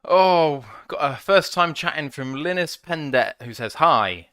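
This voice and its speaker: Easygoing, jokey co-host, crisp and dry. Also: male voice, a little high, lively intonation, measured pace, fairly bright tone, no echo. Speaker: podcast co-host reading live chat. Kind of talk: casual fan review chat.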